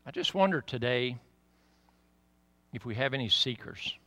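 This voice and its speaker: A middle-aged man with a Southern US accent preaching a sermon in church, building to loud emphatic peaks and dropping to quiet, conversational asides. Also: medium pitch, expressive, normal speed, no echo. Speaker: pastor.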